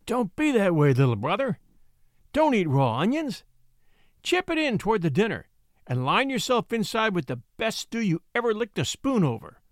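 A man's voice: sits high, big pitch swings, normal speed, no room sound, studio quality. A man voicing a blunt, slangy woman shop girl of about thirty in a storybook reading. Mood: bossy. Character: sharp-tongued 30-year-old woman shop girl.

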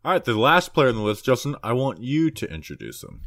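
A man co-hosting a sports podcast, talking in a relaxed, plain-spoken way with dry teasing. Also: medium pitch, fast. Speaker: co-host of a football draft podcast. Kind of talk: casual sports analysis chat.

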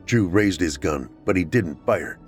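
A man narrating a scripted horror story in a steady, measured way. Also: deep voice, faint music behind.

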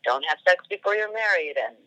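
A woman's voice: lowish voice, expressive, a little fast, bright, forceful tone, dry recording, lo-fi sound. A woman guest on a podcast telling a personal story casually, full of "like" fillers and acted-out quoted dialogue.

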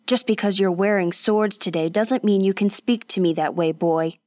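A woman's voice: mid-range voice, moderate pace, darkish tone, dry recording, clean studio sound, natural voice. A woman voicing a blunt, scolding old male woodseller who lectures a young man in a storybook reading. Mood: gruff.

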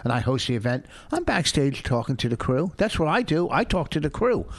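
A man's voice: a little high, very animated, brisk, no room sound. A man co-hosting a podcast, talking in casual banter and rambling defensively with lots of fillers. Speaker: comedian and podcast co-host.

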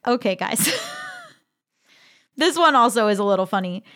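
A woman's voice: mid-range voice, lively intonation, moderate pace, a bit bright. A woman in her thirties hosting a podcast, chatting casually and reading listener emails aloud with amused laughs. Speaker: podcast host.

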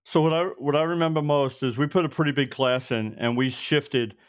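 A man, a retired police officer telling lively stories and acting out the lines of the people in them. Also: mid-range voice, fairly quick. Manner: animated, acts out others' lines in quotes. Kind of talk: anecdotal storytelling.

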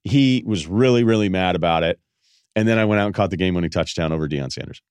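In this casual storytelling monologue, a podcast host rambles through self-deprecating tales. He talks fast in a low, darkish voice that sounds clear and resonant.

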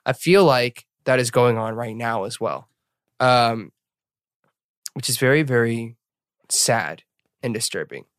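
A man's voice: medium pitch, lively intonation, unhurried, long pauses, no room sound, clean studio sound. A man co-hosting a casual chat, easygoing and reflective, steering the conversation to new topics. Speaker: podcast co-host.

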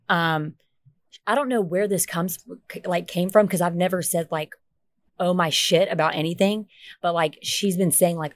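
Chatty gushing woman, slightly low voice. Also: dry recording. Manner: chatty, gushing, casually profane. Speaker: podcast co-host. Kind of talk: casual chat.

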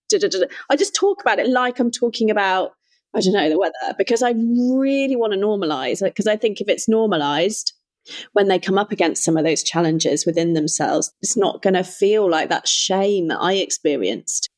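A woman's voice: lowish voice, moderate pace, a little mellow. A woman hosting a podcast, chatting earnestly and openly. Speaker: podcast host. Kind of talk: casual chat.

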